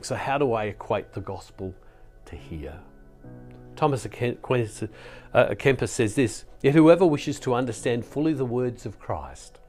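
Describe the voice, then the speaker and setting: A man's voice: fairly low pitch, a little mellow. A man giving an earnest, reflective spiritual talk to believers, often restarting his sentences. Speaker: Catholic speaker and preacher. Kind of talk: sermon-style spiritual talk.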